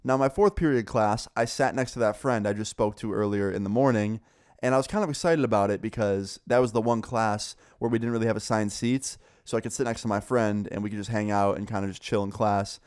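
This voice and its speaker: A young man casually telling a school story, animated and swearing, acting out what others said. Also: lowish voice, fairly quick, clear, resonant tone. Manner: animated, swearing, acts out quoted voices. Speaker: storyteller vlogger.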